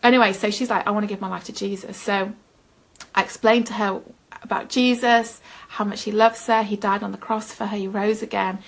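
A woman's voice: mid-range voice, steady tone, brisk. A woman giving a personal testimony in an earnest storytelling manner, often laughing at herself. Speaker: Christian speaker.

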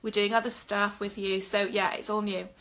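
A woman's voice: medium pitch, little pitch movement, normal speed, fairly bright tone. A middle-aged woman minister leading a live-streamed prayer session, fervent and speaking straight to viewers with frequent ums. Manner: fervent, talks directly to viewers with filler ums.

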